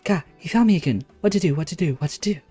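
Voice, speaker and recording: A man's voice: high-pitched, lively intonation, quick pace, dark tone, breathy edge, soft background music. A man voicing a small, frightened kobold boy in a game, pleading with repeated words.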